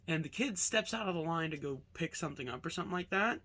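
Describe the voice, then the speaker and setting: A man's voice: fairly high pitch, animated, fast, sharp tone, slightly rough. A young man from Alaska casually telling a rambling childhood story with lots of fillers and swearing. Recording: music playing behind.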